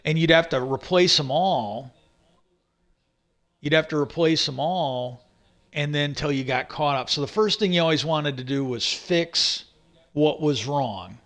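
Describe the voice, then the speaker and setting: A man's voice: a little high, unhurried, a bit bright. A man telling a long work story in a casual, rambling monologue, swearing often and repeating "I go" as he retells what he said.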